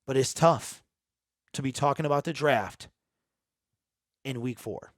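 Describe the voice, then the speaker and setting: Medium in pitch and measured in pace, this sports talk channel host speaks to his viewers in a raw, unedited monologue. He's emphatic, earnest and emotional, repeating himself, and the studio-quality recording has no echo.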